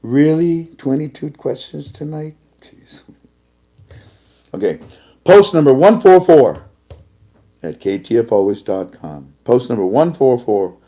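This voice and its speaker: A man's voice: medium pitch, big pitch swings, unhurried, pauses often, mellow. A man hosting a casual talk show, telling a story animatedly and acting out both sides of a conversation. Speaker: host.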